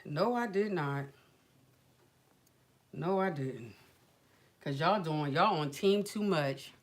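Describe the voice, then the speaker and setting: A woman hosting a livestream, telling an animated, colloquial story with acted quotes and sighs. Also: low-pitched, slow. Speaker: livestream host. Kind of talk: casual chat, venting story.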